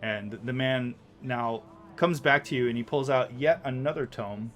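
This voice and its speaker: A man narrating as game master in a relaxed, rambling way. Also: medium pitch, measured pace.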